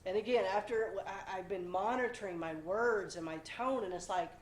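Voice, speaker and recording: A woman's voice: mid-range voice, moderate pace, hardly any pauses, slight background noise. Chatty woman hosting a home devotional. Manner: chatty and self-deprecating, with playful asides. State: a bit under the weather. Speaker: devotional host. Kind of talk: casual devotional talk. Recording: roomy, slightly echoey home recording.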